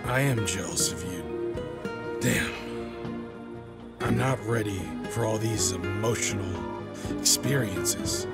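Gruff village father, low voice, dubbed drama. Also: loud music behind the voice. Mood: earnest. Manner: gruff, then halting and earnest. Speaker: widowed father and beekeeper. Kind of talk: dubbed film acting.

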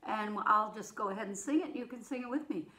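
Middle-aged woman, music teacher type, high and unhurried, talking kindly to little kids in an echoey room. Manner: gentle, slow and patient, addressing young children. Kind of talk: children's sing-along lesson.

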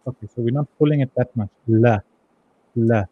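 A man's voice: medium pitch, racing, husky, no echo, narrow, tinny audio. A man teaching an online Arabic reading class, patiently sounding out each syllable and repeating it for his students.

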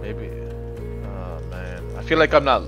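A man's voice: fairly low pitch, lively intonation, a little slow, music in the background. A man live-streaming a game, commenting casually, frustrated and swearing as he mutters to himself.

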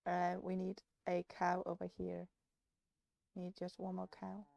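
Playful woman host for game commentary, low-warm timbre with some fry, dry mic. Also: monotone, measured pace, no room sound. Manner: playful, coaxing, baby-talks to animals. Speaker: gaming channel host. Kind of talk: casual let's play commentary.

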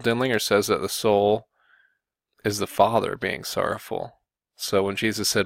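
A man giving combative Bible commentary, often pausing on "okay" and "you know" to press his point. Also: lowish voice, flat delivery, vocal fry, dry recording. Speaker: religious video commentator.

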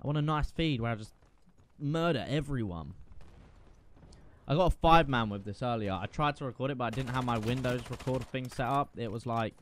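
A man giving casual, profane, excitable commentary while playing a shooter game. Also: medium pitch, brisk. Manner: profane, excitable, self-mocking. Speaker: gaming video creator.

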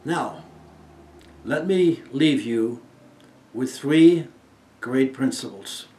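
Speaking very slowly and expressively in a mid-range voice, an octogenarian from Germany shares a heartfelt inspirational testimony as a guest speaker. He alternates between forceful emphasis and quiet, hushed lines, all in an echoey room.

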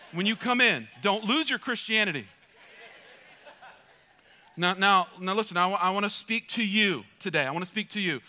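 A male pastor delivers an energetic church sermon, tossing in joking asides and calling out to the congregation. His voice is high-pitched with a sharp tone.

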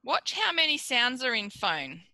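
A woman speech therapist working with a client, encouraging and praising with slow, exaggerated enunciation. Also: fairly high pitch, sing-song, vocal fry, pushed and bright, no echo.

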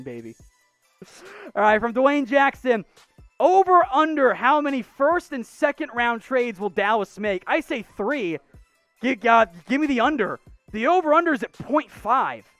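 Blunt and sarcastic, a sports show host fires off opinions on viewer questions in a loose mailbag format, ranting animatedly with restarts. His pitch jumps around in quick bursts, and the dry, close recording carries faint background music.

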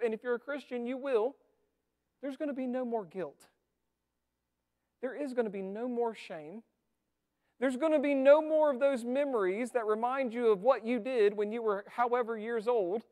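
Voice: high voice, a little mellow. A preacher delivering a sermon in an earnest, conversational way, asking the congregation rhetorical questions. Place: church sanctuary. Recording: long reverb of a church hall.

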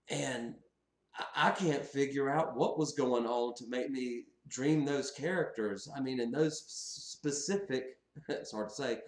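Animated man telling a story in an echoey room. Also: mid-range voice. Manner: animated, laughs often while recounting. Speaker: channel host. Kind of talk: casual storytelling to camera.

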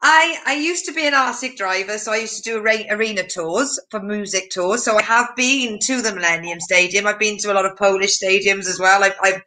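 A woman's voice: mid-range voice, a little fast, few pauses, pushed and bright. A woman chatting casually, blunt and jokey, with a bit of swearing. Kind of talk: casual chat.

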